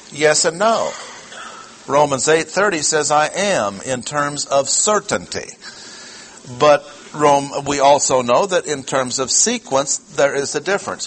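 A man's voice: a little high, a bit bright, a little hiss or hum, poor audio. A man preaching a sermon, teaching through a passage with rhetorical questions and repeated key phrases.

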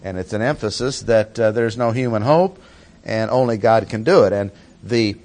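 A man's voice: lowish voice, moderate pace, a little mellow. Emphatic male Bible teacher. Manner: emphatic, repeats key words for stress.

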